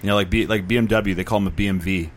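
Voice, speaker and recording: Low-voiced joking man. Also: fairly even intonation, very fast. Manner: joking, slips into silly put-on voices. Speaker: podcast co-host. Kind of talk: casual chat.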